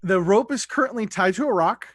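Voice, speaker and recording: A man's voice: high voice, expressive, fairly quick, dry recording, clean studio sound. A man running a tabletop game as dungeon master, narrating loosely with restarts. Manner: loose, conversational rulings with restarts.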